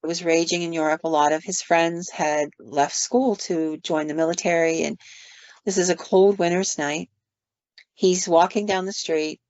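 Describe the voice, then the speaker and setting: A woman's voice: on the low side, dry recording. Woman co-host spinning ghost tales in a loose, chatty way; muffled dry recording. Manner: casual retelling with fillers and quoted asides. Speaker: podcast co-host telling ghost stories. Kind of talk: storytelling on a podcast. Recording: dull lo-fi dry sound.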